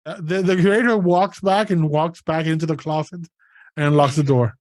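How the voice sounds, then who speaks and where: A game master narrating a tabletop game in a relaxed way, with many fillers. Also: mid-range voice, moderate pace, no room sound.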